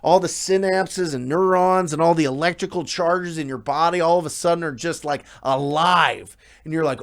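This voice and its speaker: A man giving a motivational talk as a real estate coach, energetic and emphatic, often repeating words for emphasis. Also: fairly high pitch, normal speed, few pauses.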